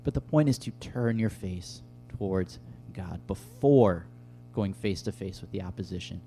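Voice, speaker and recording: A man's voice: deep voice, a little slow, mellow, faint music behind. A man preaching a sermon as a youth pastor, earnest and conversational, with filler words. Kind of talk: sermon with personal story.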